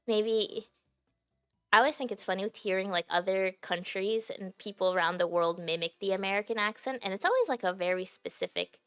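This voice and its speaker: A woman's voice: mid-range voice, moderate pace, a bit bright, clean tone, no echo, faint music behind. A young adult woman streaming, chatting casually to her viewers, giggly and filling her talk with "like". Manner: chatty and giggly, heavy use of "like" fillers. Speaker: livestreamer.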